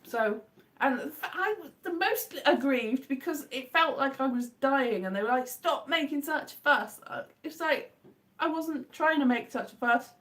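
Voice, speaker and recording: Unhurried and picked up by a distant mic, a woman chats casually during a live stream. She's animated, telling rambling stories riddled with restarts and self-corrections and breaking into high-pitched acted exclamations.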